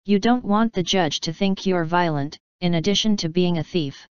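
Woman reading young male bully, smug drawl, mocking, low voice, very smooth, dull sound. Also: moderate pace, dry recording, lightly acted. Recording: dull dry audiobook recording.

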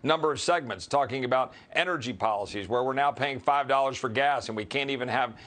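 A man from Texas, a congressman as the guest, arguing in a heated political interview with an emphatic, combative manner and rapid-fire rhetorical questions. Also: mid-range voice, a bit bright.

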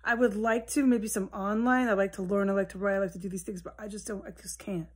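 A woman rambling alone at home in a solo monologue, swearing often and drifting between low mutters and heated outbursts. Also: steady tone, fast talker, darkish tone, husky. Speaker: vlogger. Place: at home, indoors with a window open.

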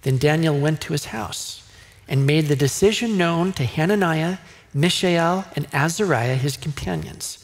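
A male pastor preaching a sermon in a conversational way, now and then acting out the voices of people in the story. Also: a little high. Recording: long hall reverb.

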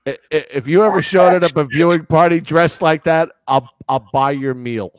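A man in a casual podcast chat who throws in quick wisecracks and jabs. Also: a little high, no room sound. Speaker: podcast co-host.

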